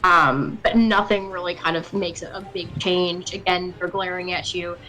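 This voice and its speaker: A woman's voice: on the low side, steady tone, normal speed, bright, forceful tone, rough recording. A woman narrating as game master of a tabletop role-playing game, describing scenes with many fillers. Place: home setup on a live stream.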